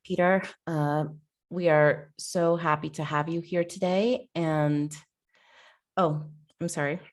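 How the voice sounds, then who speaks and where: A woman's voice: deep voice, fairly even intonation, slow. A woman hosting an online talk on a video call, introducing the speaker and stumbling over her words at times.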